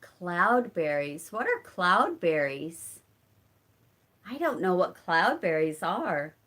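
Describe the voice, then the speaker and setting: A channel host from a rural Southern Illinois community reads her live chat aloud, greeting viewers by name and laughing often. Her voice sits on the low side, sing-song and a bit bright, and she speaks at a slow pace with her Southern Illinois accent.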